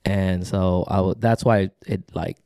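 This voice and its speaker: Deep, dark-voiced man, heartfelt. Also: fairly even intonation, measured pace, clear, resonant tone, no echo, studio quality. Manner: heartfelt, affirming, frequent "yeah" backchannels. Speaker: pastor and podcast host. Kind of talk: casual conversation.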